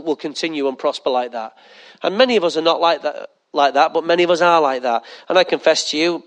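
A male pastor delivers a sermon in a high, bright register. He preaches in an animated way, firing rhetorical questions at the church and slipping into quick acted asides.

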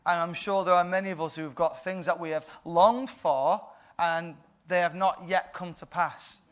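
A man preaching a sermon in a playful way, often laughing and building to loud bursts. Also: high voice, moderate pace.

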